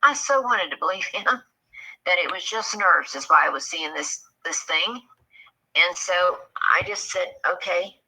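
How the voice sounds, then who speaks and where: A woman with a husky voice, recounting a personal story in a hushed way that often drops to a whisper. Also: sits low, poor audio. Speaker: guest telling an encounter.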